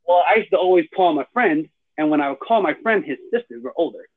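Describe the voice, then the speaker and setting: A man's voice: fairly high pitch, animated, fast talker. A middle-aged man from Canada hosting a podcast, chatting casually in slang and laughing often. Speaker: podcast host. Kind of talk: casual chat. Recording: tinny phone-line sound.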